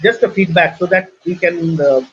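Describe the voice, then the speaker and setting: A man's voice: high-pitched, normal speed, a little hiss or hum. A man hosting an online webinar, assertive and persuasive as he wraps up the session. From India. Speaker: webinar host and organizer. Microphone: video call. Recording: muffled lo-fi call audio.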